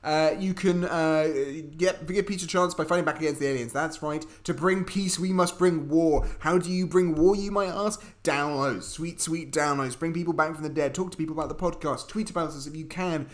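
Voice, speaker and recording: A young man co-hosting a film podcast, delivering jokey mock-preachy rants with deadpan asides. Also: a little high, brisk, few pauses. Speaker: podcast co-host. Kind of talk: casual film podcast chat.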